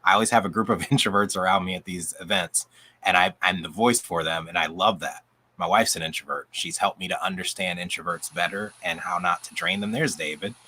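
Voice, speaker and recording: This coach, a guest on the channel, talks fast-ish in a low, pushed, bright voice, with a little hiss or hum in the recording. He's enthusiastic and upbeat on a group video call, rambling with restarts while his voice is going out.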